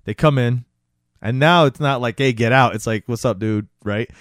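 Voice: mid-range voice, moderate pace, no room sound, studio quality. A podcast co-host in a casual chat, retelling an episode and quoting the characters, laughing often. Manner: relaxed storytelling, quotes characters, laughs often.

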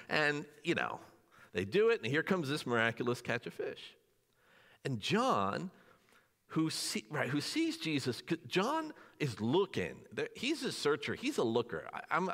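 A pastor with a bright, somewhat high voice preaches to his church in a loose, conversational way, often asking the congregation questions and acting out short bits of dialogue. His pitch swings widely and animatedly. The sound carries a long reverb from the sanctuary. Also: wildly swooping pitch, normal speed. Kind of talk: sermon.

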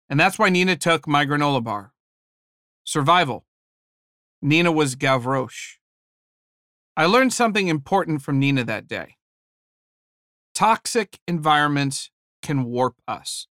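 A man delivering a sermon with animated, humorous storytelling. His voice sits a little high for a man. The recording is dry and close, with no room echo. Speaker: preacher and former high school teacher.

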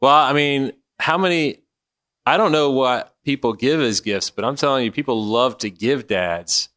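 A man's voice: medium pitch, normal speed, fairly bright tone, no room sound. A man hosting a podcast in a casual chat, rambling and joking as he talks. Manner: rambling and joking, laughs often. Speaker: podcast host.

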